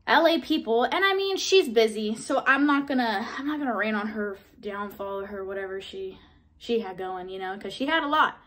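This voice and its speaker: A young woman in her twenties telling a casual vlog story, chatty, full of "like" and mild swearing, jumping into excited high bursts when she replays her own reactions. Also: moderate pace. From Southern California. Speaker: vlogger.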